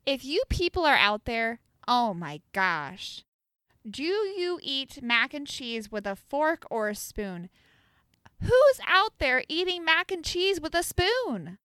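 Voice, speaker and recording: A young woman co-hosting a casual chat show, giving animated, opinionated takes on food habits. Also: a little high, clean tone, no room sound, clean studio sound. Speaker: podcast co-host.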